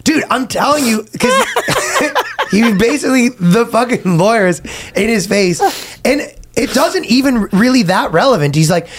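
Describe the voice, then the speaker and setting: A man's voice: extremely high pitch, very animated, measured pace, slightly rough. A man co-hosting a comedy podcast, animatedly retelling a story and acting out quotes with swearing. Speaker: podcast co-host. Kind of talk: casual comedic chat.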